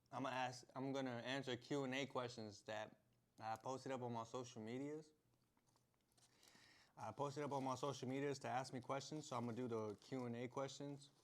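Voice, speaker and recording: A young man, a vlogger, telling a story in a casual, slangy way, laughing and acting out the scenes. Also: medium pitch. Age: young adult.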